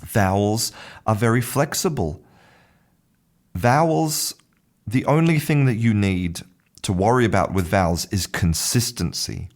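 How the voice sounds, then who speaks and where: Male podcast host, deep voice, relaxed explainer who restarts phrases and chuckles. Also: a little slow. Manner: thinking aloud, restarts phrases, chuckles at own ideas. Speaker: pronunciation teacher and podcast host. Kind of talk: casual explanatory monologue.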